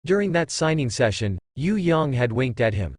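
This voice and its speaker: A man with a synthetic voice narrating a light novel audiobook in an even, steady reading. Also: mid-range voice, normal speed, no echo, studio quality.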